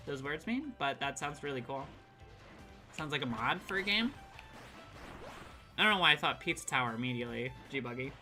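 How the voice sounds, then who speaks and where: Woman, streamer, casual excitable chat, very bright voice, faint background music. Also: very deep voice, fairly quick. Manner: excitable, chatty, reacts to chat, swears casually. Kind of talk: casual live-stream chat while gaming.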